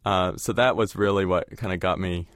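A man's voice: deep voice, steady tone, normal speed, a bit bright, no room sound, studio quality. A man co-author who reads from his book and answers in a thoughtful, hedging way. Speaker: co-author guest. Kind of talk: reading aloud, then interview answers.

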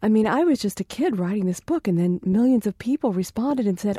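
A woman's voice: mid-range voice, moderate pace, few pauses, dark tone, no room sound, clean studio sound. A woman author answering interview questions in an earnest, reflective way. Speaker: author guest.

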